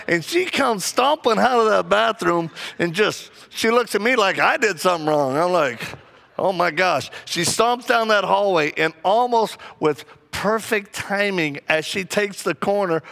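Male preacher, animated comic storyteller, raised pitch, gravelly edge.

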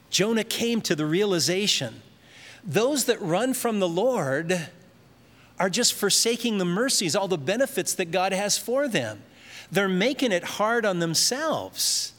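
A man's voice: high voice, big pitch swings, unhurried, a bit bright. Preaching man in an echoing hall. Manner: storytelling preacher, acts out voices in anecdotes. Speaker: pastor. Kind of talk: sermon. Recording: long hall reverb.

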